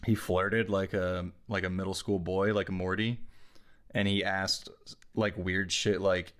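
A young man in his twenties with a lowish voice chats loosely on a podcast. He rambles through stories with plenty of fillers and breaks into laughter often. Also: flat delivery, measured pace, a bit bright. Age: 20s. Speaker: podcast co-host. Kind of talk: casual podcast chat.

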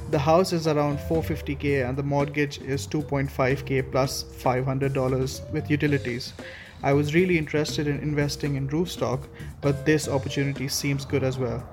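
A man reads his listener question aloud in a monotone, evenly paced delivery. His voice is fairly high, and clear music plays behind him. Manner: flat, even reading delivery. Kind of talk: reading a submitted question.

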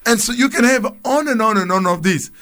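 High-voiced man reading scripture on radio. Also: brisk, fairly bright tone. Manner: reads scripture aloud, then comments with restarts and chuckles. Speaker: church speaker on a radio program. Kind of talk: explaining Bible passages on radio.

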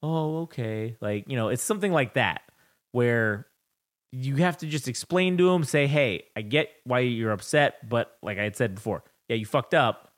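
A man's voice: medium pitch, animated, normal speed, fairly bright tone. A young man co-hosting a podcast, telling a rambling, profane story about raising his daughter in casual chat. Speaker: podcast co-host.

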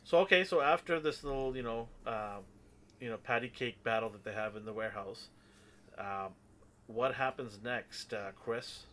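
A man's voice: mid-range voice, moderate pace, a bit bright. A man hosting a casual discussion podcast, leading the talk with playful, mock-sarcastic teasing. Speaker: podcast host.

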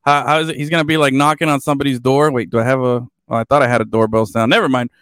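A man hosting a casual sports podcast, animated and joking, often trailing off into fillers. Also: mid-range voice, very fast, dry recording, studio quality. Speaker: podcast host.

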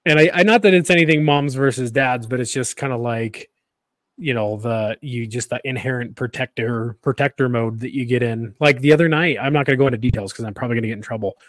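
A man's voice: mid-range voice, fast, no room sound. A man co-hosting a podcast, telling rambling stories in casual chat, often restarting and laughing at himself. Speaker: podcast co-host.

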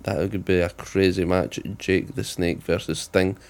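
Lower-voiced man in casual chat. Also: flat delivery, a little slow, a little mellow. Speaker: podcast co-host.

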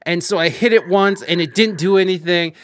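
A young man live streaming, telling a story in a casual, animated way with lots of swearing, fillers and restarts. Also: high voice, fairly quick, no room sound, studio quality.

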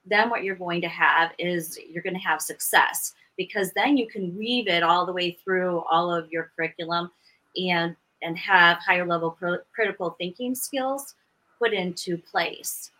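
A woman in her fifties, a veteran teacher and podcast guest, telling her story in an earnest, steady way. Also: lowish voice, measured pace, low-quality recording. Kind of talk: casual interview talk.

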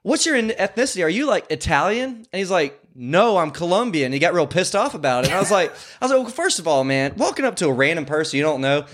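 A man's voice: high-pitched, big pitch swings, fast, hardly any pauses, a bit bright. A man in casual chat, animatedly acting out the people he quotes and laughing often.

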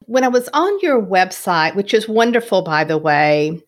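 Lively-voiced woman interviewer. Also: mid-range voice, normal speed. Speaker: interviewer host. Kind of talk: casual interview.

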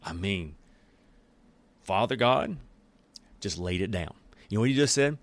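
Animated, joking male Bible teacher. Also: fairly low pitch, measured pace, pauses often, no echo.

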